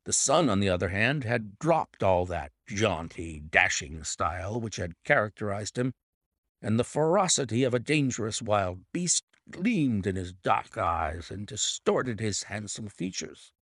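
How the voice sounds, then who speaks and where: A man narrating a detective mystery audiobook with dramatic, expressive storytelling. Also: on the low side, a little slow, no echo, clean studio sound. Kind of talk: scripted narration.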